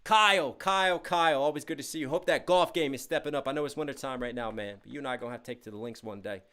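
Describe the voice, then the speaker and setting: This young man hosts a relaxed livestream, speaking fast in a mid-range voice. A bit tired but still upbeat, he goes through donations and chat messages with energetic shout-outs to his audience.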